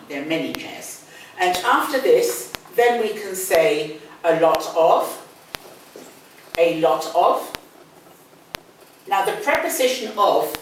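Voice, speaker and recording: An older woman with a London accent teaching English, explaining patiently and repeating key words. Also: on the low side. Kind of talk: one-on-one language lesson. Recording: echoey room, distant mic, faint noise.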